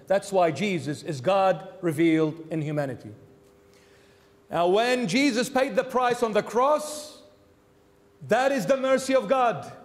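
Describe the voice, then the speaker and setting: A man, a bishop, preaching a sermon emphatically, repeating key phrases and dropping suddenly to a hush. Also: high voice, in a large hall.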